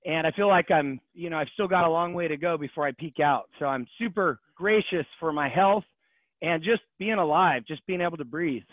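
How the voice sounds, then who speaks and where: An earnest man in his forties talks as a podcast guest, pausing with "um" along the way. His voice sits a little high and comes through a tinny, phone-like line. The sound is dry, with no room echo. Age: 40s. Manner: earnest, hesitant with fillers. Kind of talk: casual interview chat.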